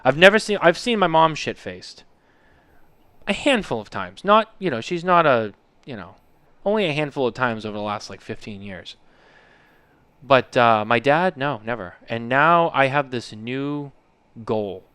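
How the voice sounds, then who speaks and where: A man in his thirties co-hosts a podcast in loose, casual chat, rambling through his stories with plenty of "like" and "you know" and the odd swear word. His voice is smooth and clean, with medium pitch. The sound is dry and close. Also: animated, measured pace, bright, forceful tone, no room sound. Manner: rambling storyteller, swears freely, heavy use of "like" and "you know". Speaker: podcast co-host.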